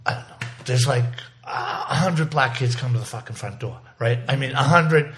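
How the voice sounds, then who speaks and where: A man's voice: mid-range voice, animated, normal speed, a bit bright. A man, telling a vivid, profane, rambling story in a casual interview, full of restarts. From South Boston. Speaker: interview guest.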